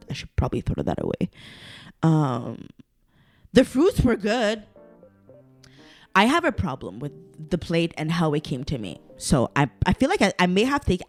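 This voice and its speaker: A young adult woman hosting her own podcast, ranting casually with lots of swearing and side tangents. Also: on the low side. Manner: swears a lot, ranty and digressive; exasperated, exaggerated complaining. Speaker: podcast host. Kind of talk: casual solo podcast rant.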